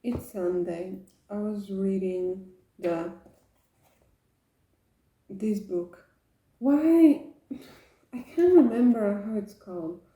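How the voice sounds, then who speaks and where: Young woman, warm and mellow, chatty, scattered vlog talk. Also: medium pitch, slow, long pauses. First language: Slovak. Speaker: vlogger. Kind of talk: casual vlog chat about books.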